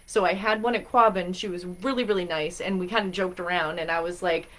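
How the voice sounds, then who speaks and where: A woman from Massachusetts hosts a live stream offering spiritual guidance as a spiritual reader. Her voice is on the low side, steady, fairly quick and a bit bright, and she chats in a bubbly, rambling way.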